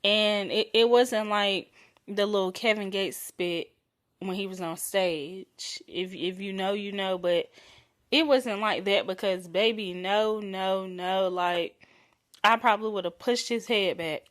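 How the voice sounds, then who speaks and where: A woman's voice: medium pitch, steady tone, a bit bright. Frank, playful young woman podcaster. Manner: frank, playful, drawn-out and breathy on intimate words. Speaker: podcast host. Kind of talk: candid solo podcast chat.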